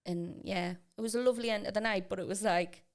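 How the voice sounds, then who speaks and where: A woman, co-hosting a podcast and telling a family story in an animated way, acting out the voices of the people in it. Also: mid-range voice, quick pace. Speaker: podcast co-host. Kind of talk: casual chat.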